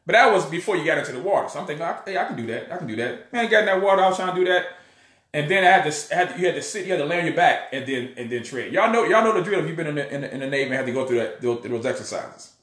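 A man telling a personal story in a casual, animated way, often acting out the voices of others. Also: on the high side, very fast, reverberant. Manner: animated storyteller, acts out voices, many restarts. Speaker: online preacher and channel host.

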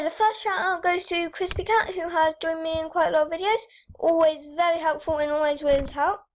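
A teenage girl with a high, light voice talks straight to her viewers. She chats in an excitable, rambling way while she plays an online game. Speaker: YouTuber. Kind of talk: casual gaming vlog commentary.

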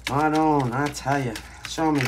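Her voice is deep and steady, unhurried, set against a noisy background. She's a woman from Brooklyn, New York, with a Brooklyn accent, casually reading tarot at home near her pets in a brash, blunt, emphatic manner.

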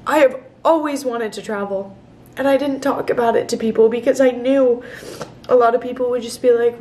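A woman's voice: fairly high pitch, fairly even intonation, normal speed, warm tone. A 21-year-old woman speaking candidly in a confessional vlog, emotional and close to tears, filmed outdoors and then indoors on a camera set down nearby. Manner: emotional, candid, tearful at times. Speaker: vlogger.

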